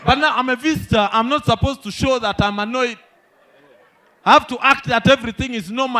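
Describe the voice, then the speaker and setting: A young Ugandan man from the north doing stand-up, telling animated stories and talking to the crowd. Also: very high voice, a little hiss or hum. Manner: animated, quick storytelling with crowd asides. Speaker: stand-up comedian. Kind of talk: stand-up comedy storytelling.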